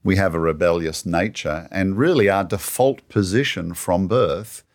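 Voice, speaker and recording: On a Bible teaching show, a male co-host with a very low voice talks at a normal speed. He explains scripture earnestly and conversationally, often leaning on "you know."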